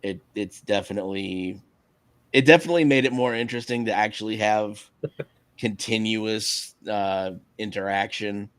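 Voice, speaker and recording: A man's voice: lowish voice, moderate pace, a bit bright, no echo. A man hosting a live stream, chatting casually with a co-host, hesitant and often chuckling. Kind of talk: casual chat.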